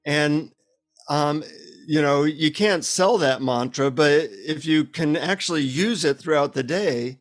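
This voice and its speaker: A man guest in a casual interview, telling an animated, self-deprecating anecdote over a remote call. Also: on the high side, a little slow, faint music behind.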